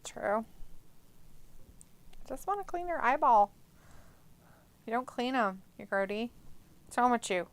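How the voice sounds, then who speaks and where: A woman's voice: a little high, animated, slow pace, pauses often. A woman co-hosting a live watch-along stream, chatting casually with playful sarcasm and reading viewer messages aloud. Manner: playful, sarcastic, mock voices for chat messages, frequent laughs.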